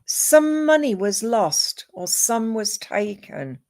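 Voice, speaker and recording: A woman giving a live psychic reading, calm and measured, listing names and images one at a time. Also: a little high. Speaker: psychic medium.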